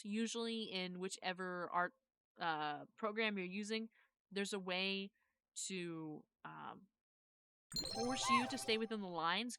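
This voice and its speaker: A woman live-streaming, chatting casually as she walks viewers through steps and keeps correcting herself. Her voice is bright and crisp. The sound is close and dry. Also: mid-range voice, no echo. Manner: rambling, self-correcting, thanks viewers. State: has hiccups.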